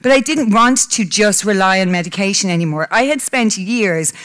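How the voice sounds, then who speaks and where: A woman's voice: medium pitch, lively intonation, moderate pace, a bit bright. Woman, 30s, heartfelt speaker at a live talk, tearful edge. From Ireland. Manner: candid, emotional, breaks into laughter. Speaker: public speaker. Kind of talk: personal talk to a live audience. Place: conference hall.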